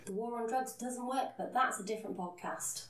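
Woman, podcast co-host, casual chat, deadpan sarcasm, echoey room. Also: a little high, a little fast. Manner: dry, sarcastic.

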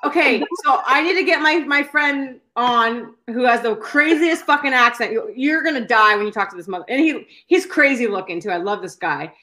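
A high, bright-voiced woman from California co-hosts a casual live stream. She curses freely and tells stories in an excitable, animated way. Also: moderate pace, few pauses. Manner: profane, excitable, animated storytelling. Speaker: co-host of a live stream show.

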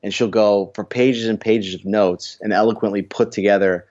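A man in a relaxed group chat, leaning on fillers as he talks. His voice sits low. The recording is dull and lo-fi. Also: normal speed. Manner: relaxed, uses many fillers like "like". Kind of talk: casual chat. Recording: dull lo-fi sound.

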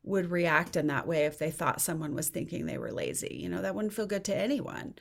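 A woman in her forties speaks as a therapist guest in a podcast interview. Her voice sits a little low, and she talks thoughtfully, often stopping and restarting as she hunts for an example. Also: expressive, fairly quick, vocal fry.

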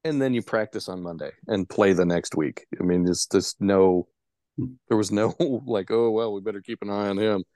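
A man's voice: fairly low pitch, moderate pace, warm tone, no room sound. A middle-aged man co-hosting a podcast, rambling in a good-humored, casual way. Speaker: podcast co-host. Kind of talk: casual baseball chat.

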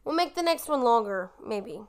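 High-voiced teasing woman podcaster. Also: lively intonation, normal speed, clear, resonant tone. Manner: teasing, exasperated. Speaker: podcast host. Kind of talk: casual podcast chat.

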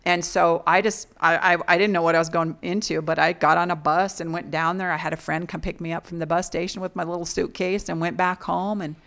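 Low gravelly woman telling her story. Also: fairly bright tone. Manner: frank, earnest, with frequent restarts. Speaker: interview guest. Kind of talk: candid personal storytelling.

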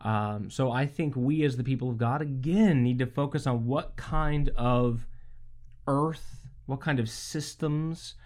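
A man's voice: mid-range voice, a little slow, darkish tone. A man preaching a sermon in a loose, conversational way, often checking in with the listener through rhetorical asides. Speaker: pastor.

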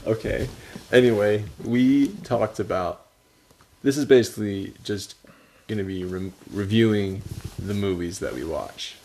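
A man's voice: fairly low pitch, unhurried, slight background noise. A young man co-hosting a podcast, telling stories in casual chat and laughing often. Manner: animated storyteller, laughs often. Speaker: podcast co-host.

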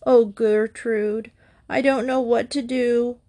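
A woman's voice: fairly low pitch, unhurried, a little mellow. A woman voicing an upset mother who pleads in a distressed way.

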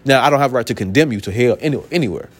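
A man's voice: medium pitch, expressive, rapid-fire. A man preaching a sermon from the pulpit, emphatic and colloquial, repeating his points and firing off rhetorical questions. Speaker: pastor.

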